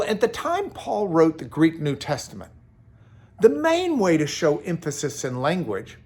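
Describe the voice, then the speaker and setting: A middle-aged man giving a daily Bible devotional from his office, earnest and emphatic, often repeating words as he goes. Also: on the high side. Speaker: Bible teacher. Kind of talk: daily devotional talk to camera.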